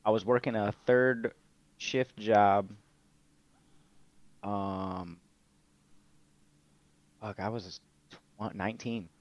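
A young adult MMA fighter and streamer, appearing as a guest in a casual interview, tells stories in a laid-back way, swearing freely and using plenty of fillers. His fairly low voice is even in intonation, with drawn-out words and frequent pauses. The recording is dull, lo-fi and dry, with no room sound.

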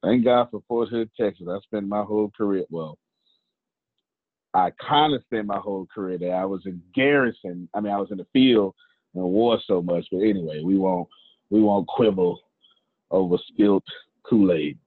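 A man's voice: low-pitched, normal speed, slightly rough, no room sound. A man hosting a motivational group talk, preachy and playful, repeating words for emphasis. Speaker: host. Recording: tinny phone-like line.

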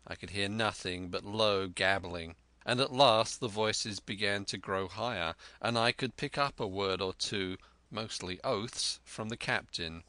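A man narrating a storybook tale in a measured, vivid reading. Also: lowish voice, sharp tone, no echo.

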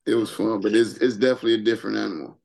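Man, guest rapper, from South Side Chicago, laid-back chat, gravelly low voice. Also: steady tone, very fast, darkish tone. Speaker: guest hip hop artist. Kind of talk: casual chat.

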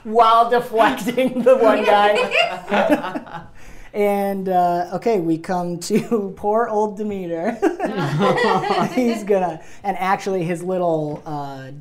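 A woman's voice: medium pitch, slow pace, over a noisy crowd. A woman narrating a tabletop role-playing game as game master, giggling often and adding sound effects to her storytelling.

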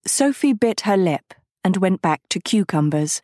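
A woman reading an audiobook aloud at a slow, unhurried pace. Her delivery is measured and steady. The recording is close and dead dry. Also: lowish voice, dry recording. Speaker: narrator. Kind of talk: audiobook narration.

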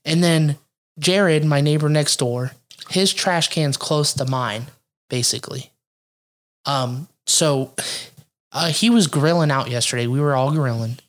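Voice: mid-range voice, a little slow. A podcast co-host from Ohio rambling through a casual story, cursing freely and laughing often. The delivery is loose and conversational, with fillers and restarts throughout. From Ohio, USA.

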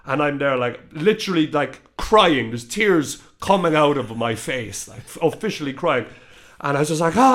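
Man, 30s, casual storyteller, animated and profane, slightly high voice. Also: moderate pace. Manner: animated, swearing, laughing through the story.

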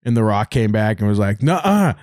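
A man co-hosting a comedy podcast in casual chat, crude and mocking, often breaking into high-pitched impressions. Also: flat delivery, fairly quick, darkish tone, smooth, no echo, studio quality. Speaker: podcast co-host.

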